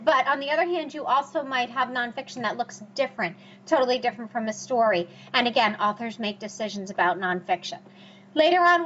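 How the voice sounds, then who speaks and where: A woman's voice: high-pitched, a bit bright. A woman teacher giving a recorded lecture over slides, repeating key points with emphatic rhetorical questions. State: has the hiccups. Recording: dull, lo-fi recording with faint hum.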